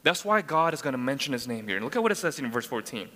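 A man's voice: mid-range voice, big pitch swings, racing, few pauses, sharp tone. A man preaching a sermon who explains scripture verse by verse and keeps asking the room rhetorical questions. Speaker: pastor. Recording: long hall reverb.

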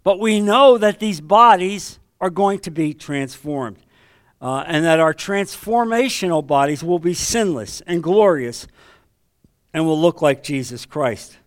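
A man leading a men's Bible study, teaching in a conversational sermon style and telling stories with sudden swings between loud and hushed delivery. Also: on the high side, expressive, measured pace. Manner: storytelling, acts out quoted voices, swings between loud and hushed.

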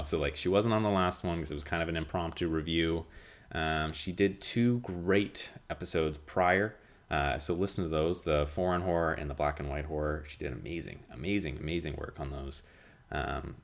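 Low nasal guy doing his podcast, rambly and monotone, lots of ums. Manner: rambling, full of fillers and restarts. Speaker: podcast host. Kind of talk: casual solo podcast chat.

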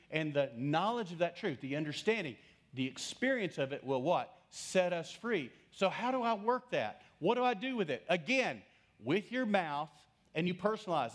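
A man's voice: sits high, big pitch swings, moderate pace. Storytelling pastor preaching to his congregation. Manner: storytelling, asks the congregation questions. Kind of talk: sermon.

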